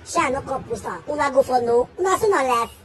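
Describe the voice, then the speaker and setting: A woman's voice: high-pitched, expressive, brisk, a bit bright, a little hiss or hum. A Nigerian woman giving an emphatic, scolding spoken message, firing off repeated questions. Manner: scolding, defending a friend. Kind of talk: casual spoken message to the camera.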